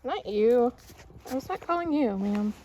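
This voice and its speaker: A woman vlogging casually outdoors in her backyard, cooing at her pets and turkeys in high baby talk. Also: expressive, measured pace, warm tone, muffled recording, slight background noise. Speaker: backyard poultry keeper vlogger. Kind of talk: casual vlog chat.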